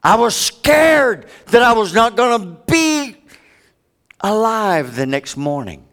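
A man preaching a sermon, with big dramatic swings from loud high peaks to hushed low stretches. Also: sing-song, takes it slowly.

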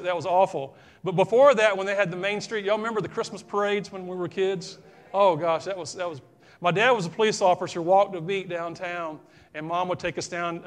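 Man, Southern accent, middle-aged pastor, folksy sermon, high-pitched voice. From South Carolina, US. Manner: folksy, talks straight to the congregation.

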